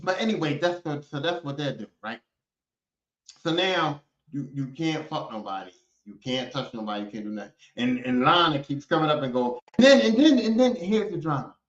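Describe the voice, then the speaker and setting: A man hosting a podcast, ranting casually and profanely in an animated way, and slipping into other voices to act out people he quotes. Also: a little high, brisk. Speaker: podcast host. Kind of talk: casual comedic rant. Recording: echoey room, dull lo-fi sound.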